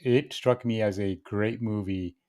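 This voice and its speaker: A man's voice: lowish voice, fairly even intonation, unhurried, mellow. A man on a podcast panel, rambling and hesitant, chiming in with jokes. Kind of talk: casual podcast banter.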